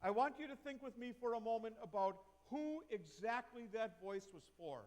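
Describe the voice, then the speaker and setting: A man's voice: very high voice, lively intonation, moderate pace. A male pastor preaching a sermon in a church, reflective and asking the congregation questions. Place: church sanctuary. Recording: long reverb of a church hall.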